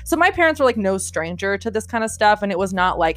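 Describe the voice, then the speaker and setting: A woman's voice: fast talker, soft background music. A young woman casually telling a personal story, full of filler words and swearing, with her voice jumping up when she quotes people. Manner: animated, jumps high when quoting people.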